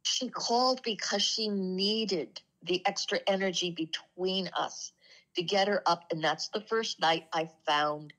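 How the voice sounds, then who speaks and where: A woman telling heartfelt personal stories in a casual spiritual talk, earnest and slowing down softly for the emotional moments. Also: on the low side, poor audio. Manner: earnest, slows down and drops soft for emotional moments. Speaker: co-host of a spiritual talk show. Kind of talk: casual conversational storytelling.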